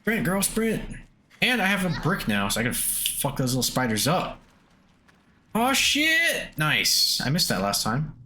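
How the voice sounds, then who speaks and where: A man streaming a video game live, reacting with excited, crude joking comments. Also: medium pitch, moderate pace, few pauses, slight background noise.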